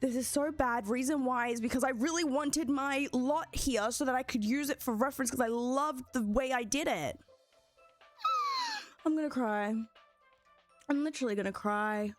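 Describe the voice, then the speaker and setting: A young woman chatting excitedly with her viewers while streaming a building game. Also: high voice, moderate pace, soft background music. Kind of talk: casual live-stream commentary.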